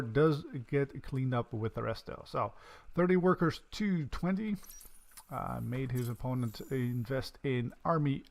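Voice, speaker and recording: A man casting a strategy game solo from his home setup, chatty and rambling, with self-deprecating asides and excited bursts when the action picks up. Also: on the high side, moderate pace, noisy background. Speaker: game caster. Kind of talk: casual solo game commentary.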